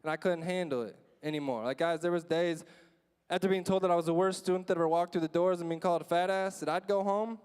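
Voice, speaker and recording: A young man giving a comedic motivational speech, telling stories in an animated way full of "like" and "you know" and acting out the scenes. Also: sits high, fast talker, clean tone. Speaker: motivational speaker. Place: large conference hall stage. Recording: long reverb of a large hall.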